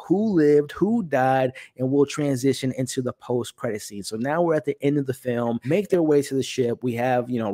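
Young male film reviewer, casual and animated, mid-pitched, dry close recording. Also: no room sound. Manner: animated, conversational, acts out quoted lines in higher voices. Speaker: movie reviewer. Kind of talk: casual spoiler review talk.

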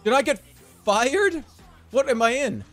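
Brief: male streamer, high and bouncy voice, excitable and swearing, casual game commentary. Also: measured pace, faint music behind. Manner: excitable, laughs often, swears.

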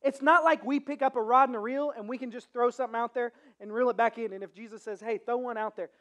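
A pastor retelling a story during a sermon in a casual, animated way, with frequent restarts. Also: mid-range voice, fast talker.

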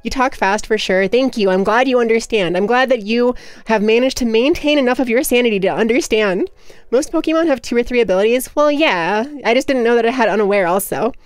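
A young woman livestreamer chatting casually with her viewers, talking rapidly and nonstop with hyperactive energy. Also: fairly high pitch, smooth, no room sound. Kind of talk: casual chat with stream viewers.

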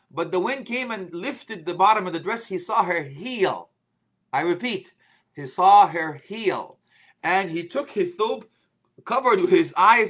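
A man's voice: sits high, bright, forceful tone. A middle-aged man giving an informal religious talk as a preacher, chatty and joking, laughing often and sprinkling in Arabic phrases. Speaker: Islamic preacher.

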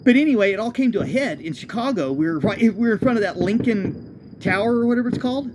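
Man telling a rambling, lively road story. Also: high-pitched, quick pace, background noise. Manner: loose, profane, self-correcting storyteller. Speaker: homeless traveler telling his own story.

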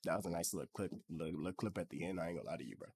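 A young man streaming a mobile shooter, talking loose slangy trash talk in a hoarse, sick voice. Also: low voice, lively intonation, rapid-fire, darkish tone, slight background noise. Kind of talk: casual gaming stream banter.

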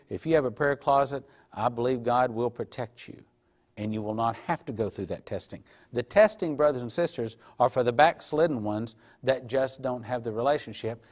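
A man preaching in an earnest sermon voice at an ordinary middle pitch. He retells a vision and sometimes drops to a hushed tone. When he reads scripture he rises to emphatic preaching. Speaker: pastor.

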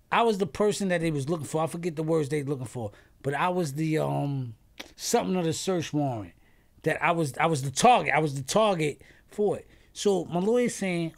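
A man's voice: fairly high pitch, gravelly. A man, a podcast guest telling a story in casual talk, acting out what others said and swearing freely, often trailing off and restarting. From New York. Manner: animated storyteller who acts out quoted voices, swears freely; trails off and restarts mid-sentence.

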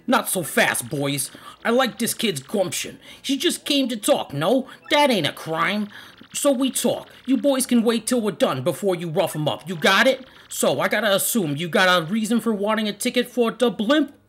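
A man doing a loud Italian-accented mob boss. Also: high voice, sing-song, moderate pace, husky, pitched above the performer's own voice, exaggerated voice. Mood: commanding. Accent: put-on Italian mobster. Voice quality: loud, bossy tough-guy drawl. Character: gruff male mob boss, smooth and commanding.

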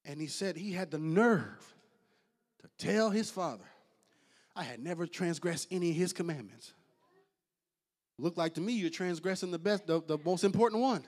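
A man preaching a sermon as pastor, swinging between loud high bursts and quiet, low asides. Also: moderate pace, pauses often.

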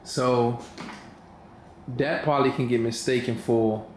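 A man's voice: mid-range voice, fairly even intonation, darkish tone. D.C.-man chiming in, echoey room. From Washington, D.C. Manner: slangy, quick to chime in. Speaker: co-host asking questions. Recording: echoey room with faint noise.

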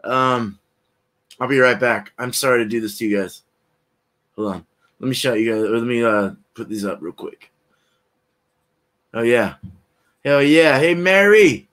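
A man's voice: medium pitch, lively intonation, a little slow, long pauses, fairly bright tone. A man hosting a live beer review from his home, chatting casually in a rambling, laid-back way and laughing often as he greets viewers by name. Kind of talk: casual live-stream chat. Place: at home, indoors.

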